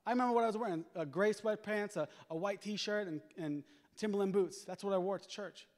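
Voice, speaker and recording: A man's voice: high voice, a little fast, a little mellow. A man preaching in a church, telling his own story in a conversational way and calling on the congregation to answer back. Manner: conversational storytelling with call-and-response exhortation. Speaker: guest preacher giving testimony. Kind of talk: sermon testimony. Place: church sanctuary. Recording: long reverb of a church hall.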